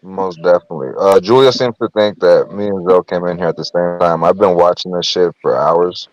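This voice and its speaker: A man's voice: deep voice, fairly even intonation, a little fast, dry recording. A man joining an online panel, speaking hesitantly with lots of fillers and a slightly apologetic tone. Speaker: panel guest. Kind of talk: casual panel chat. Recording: dry, dull lo-fi audio.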